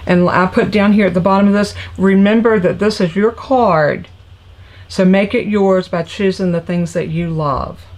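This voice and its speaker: A woman's voice: medium pitch, steady tone, moderate pace, a little mellow. Chatty Southern woman from North Carolina. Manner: chatty, folksy, talks to viewers as y'all with many ums. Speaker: crafting livestream host. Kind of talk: casual live tutorial chat. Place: home craft room.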